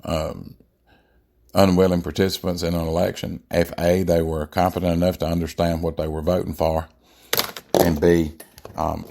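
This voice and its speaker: A man with a very low voice delivers a blunt political monologue as a podcast host. He talks emphatically, and fillers and restarts break up his sentences. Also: a little mellow.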